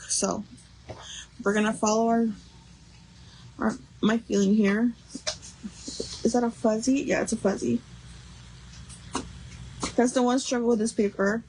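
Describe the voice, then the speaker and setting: A woman's voice: medium pitch, darkish tone, a little hiss or hum, rough recording. A young adult woman hosting a craft livestream, chatting casually and rambling with lots of fillers while she works.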